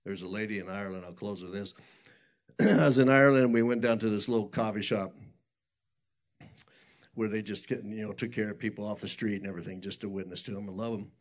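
A man's voice: lowish voice, fairly even intonation, brisk. A man preaching a sermon, telling stories in an earnest, rambling way with many restarts.

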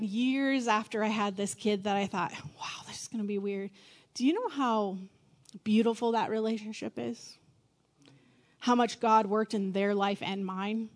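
A middle-aged woman pastor giving a sermon in a candid, conversational way, with quick self-deprecating asides. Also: a little high, darkish tone.

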